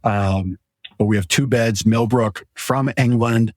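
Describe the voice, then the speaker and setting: A man's voice: medium pitch, slow, no room sound. A man hosting a casual podcast from his mattress showroom, talking products in a rambling, enthusiastic way. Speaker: podcast host and mattress store owner. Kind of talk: casual sales chat.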